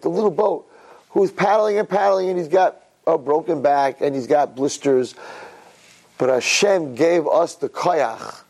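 Male religious speaker, fairly high voice, animated parable-teller on a recorded message. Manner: animated storyteller, swings between low and excited. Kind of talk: inspirational talk with parable. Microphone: recorded tape message.

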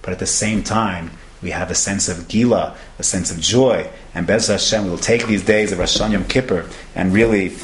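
A man's voice: low-pitched, a little fast, few pauses. A man giving a sermon, emphatic and storytelling, repeating phrases for effect. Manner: storytelling, emphatic repetition, Hebrew terms. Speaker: rabbi. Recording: echoey room with faint noise.

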